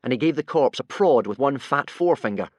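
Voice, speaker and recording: A man narrates a children's adventure audiobook. His delivery rises and falls in a lively, animated way. The sound is dry and close. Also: mid-range voice, fairly quick, no echo. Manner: lively, voices many characters. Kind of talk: expressive audiobook reading.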